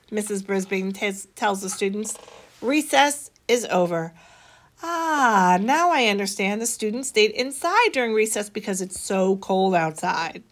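A woman reading a children's story aloud, expressive, with a bright, animated delivery. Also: a little slow. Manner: expressive, voices the children's dialogue higher.

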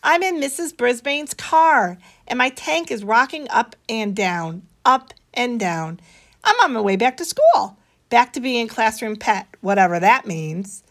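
A woman reads a children's storybook aloud in an expressive, animated way. Her voice sits fairly high and moves a lot in pitch as she tells the story. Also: a little slow. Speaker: narrator reading a children's book aloud. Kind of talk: storybook reading.

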